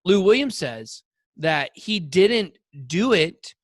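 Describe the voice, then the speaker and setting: A man's voice: high voice, sing-song, slow pace, dry recording, clean studio sound. A man co-hosting a podcast, telling rambling, jokey stories with lots of fillers. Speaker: podcast co-host. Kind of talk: casual chat.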